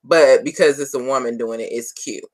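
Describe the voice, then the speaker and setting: A woman co-hosting a casual podcast, making a slow, emphatic point about the show. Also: rumbling low. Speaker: podcast co-host. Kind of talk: casual chat.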